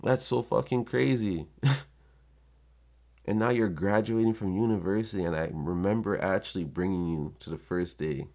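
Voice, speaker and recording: A man's voice: low-pitched, normal speed, darkish tone. A man talking in a casual, heartfelt vlog monologue, earnest and emotional, swearing often as he reflects. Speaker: vlogger.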